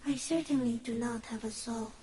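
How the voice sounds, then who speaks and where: A woman voicing an ancient female stick-insect creature in a video game, speaking in slow, drifting, breathy phrases. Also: on the high side, a little hiss or hum, close to an everyday voice, low-quality recording. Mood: dreamy. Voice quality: soft, drifting, often breathy. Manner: slow, otherworldly, halting phrases.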